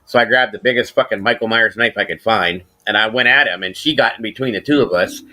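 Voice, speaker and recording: A middle-aged man hosting a casual podcast, telling a rambling, profane story and getting animated when he quotes people. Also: lowish voice, quick pace. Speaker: podcast host.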